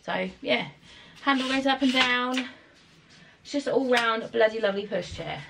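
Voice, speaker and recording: A woman in a casual home vlog, talking frankly and easily, a little out of breath now and then. Her voice has a slightly gravelly, creaky texture at a middle pitch. There is a faint hiss behind her. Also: moderate pace. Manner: casual, chatty and frank, with some swearing. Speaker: vlogger and mum. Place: family house indoors.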